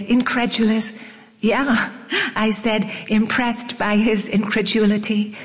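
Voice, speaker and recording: A woman narrating a first-person memoir in a wry, unhurried storytelling manner. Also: on the high side. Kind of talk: audiobook memoir reading. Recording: long reverb.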